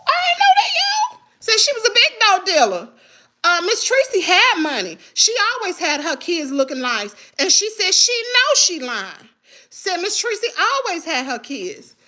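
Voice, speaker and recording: A high-voiced woman runs a gossip livestream. She talks straight to her viewers with sass, and her voice leaps all over the place. The tone is bright and sharp. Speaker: livestream host. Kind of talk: casual gossip commentary livestream.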